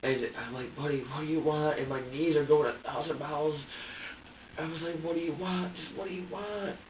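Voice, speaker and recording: A distressed man answering questions in an interrogation room, halting and stammering as he repeats himself. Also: on the high side, steady tone, far from the mic, a little hiss or hum. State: distressed and tense. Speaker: interrogation suspect. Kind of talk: recounting events under questioning. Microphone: distant security camera mic. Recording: tinny, echoey security footage from afar.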